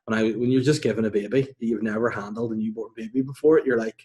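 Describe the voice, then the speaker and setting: A man in his thirties talks casually, winding through stories and poking fun at himself. His voice sits a touch low. It sounds like a relaxed podcast chat. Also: fast. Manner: rambling, self-mocking storyteller. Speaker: podcast host.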